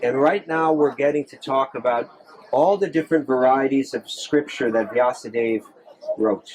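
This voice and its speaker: A man's voice: mid-range voice, normal speed, a little mellow, a little hiss or hum, low-quality recording. Earnest man answering a temple audience. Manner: earnest, repeats phrases, frequent restarts. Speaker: monk answering audience questions. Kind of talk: live Q&A talk.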